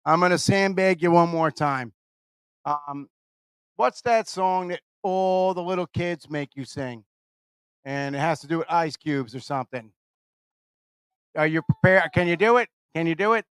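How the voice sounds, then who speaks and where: A man hosting a radio show, energetic and teasing, rambling through live banter into a studio microphone. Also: on the high side, a little slow, long pauses, smooth.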